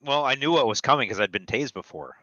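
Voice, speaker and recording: A middle-aged man trained in law enforcement tells army and police stories in casual, profane chat, matter-of-fact yet animated and fast. His medium-pitched voice sounds pushed and bright, in a dry, dull, lo-fi recording with no echo.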